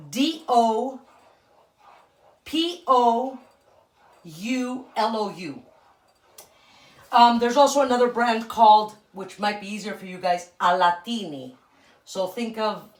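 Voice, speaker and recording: A woman's voice: on the high side, reverberant. Chatty woman hosting a cooking lesson. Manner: chatty, explains step by step while stirring. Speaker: cooking show host. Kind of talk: casual cooking demonstration. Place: home kitchen.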